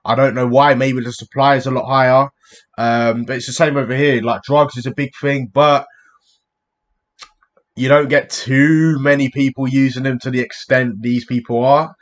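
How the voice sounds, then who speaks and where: A man's voice: medium pitch, fairly even intonation, normal speed. A British man hosting a reaction video, talking casually and bluntly to viewers and often calling them "man". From United Kingdom. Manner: chatty, blunt, addresses viewers directly with "man". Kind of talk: casual chat.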